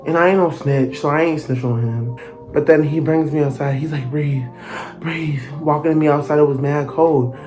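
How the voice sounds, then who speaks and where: A young man narrating a storytime vlog in an animated, dramatic, slangy way. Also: fairly high pitch, fairly quick, faint music behind. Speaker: vlogger.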